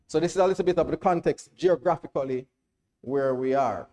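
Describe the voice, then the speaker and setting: Preaching at a brisk pace, a Jamaican man with a fairly high voice addresses his church congregation. He makes sure they keep up with him and climbs to loud, forceful proclamations.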